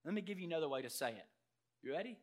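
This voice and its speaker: A man preaching a sermon as pastor, emphatic, swinging from loud declarations to quiet earnest asides and putting questions straight to the congregation. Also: a little high, animated, very fast. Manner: addresses congregation directly with rhetorical questions.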